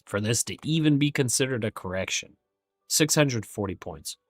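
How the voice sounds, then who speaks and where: A man's voice: mid-range voice, animated, normal speed, no echo, clean studio sound, soft background music. A man streaming his day trading live, thinking aloud through figures with candid self-criticism.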